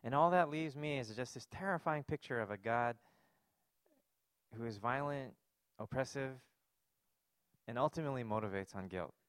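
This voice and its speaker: A man's voice: mid-range voice, normal speed, long pauses, a bit bright, no room sound, studio quality. A man preaching a sermon, earnest and emphatic, posing rhetorical questions to his congregation. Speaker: pastor.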